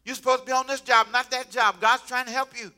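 A man's voice: very high-pitched, fast, soft background music. A man preaching a sermon as pastor, joking with the congregation and breaking into laughter. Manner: humorous, animated preaching with laughter.

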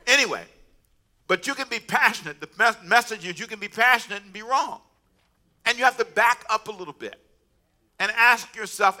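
Man, pastor preaching, very bright voice, fairly high, lively and joking, middle-aged. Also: normal speed. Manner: animated, humorous preaching with asides and laughter. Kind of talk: sermon.

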